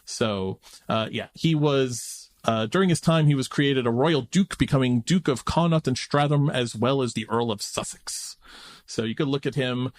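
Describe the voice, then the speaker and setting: A man's voice: medium pitch, dry recording. A man co-hosting a podcast in casual chat, good-humored and teasing, who explains things at length. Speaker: podcast co-host.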